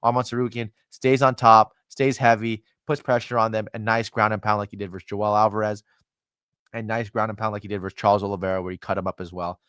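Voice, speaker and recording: A man hosting a casual, rambling monologue of fight predictions, animated and swearing casually while acting out fighters' thoughts. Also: on the low side, fast, smooth, no echo, studio quality. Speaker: MMA analyst host.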